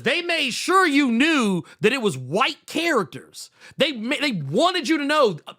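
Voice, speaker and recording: A man's voice: very high voice, sing-song, a little slow, sharp tone. A man co-hosting a comics podcast, ranting in a heated, profane way with lots of restarts while reading out viewer messages. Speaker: podcast co-host.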